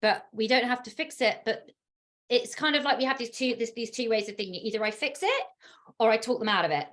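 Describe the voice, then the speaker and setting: A woman parenting coach hosting a podcast chat, talking in an animated, emphatic way with frequent laughs. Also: fairly high pitch, brisk.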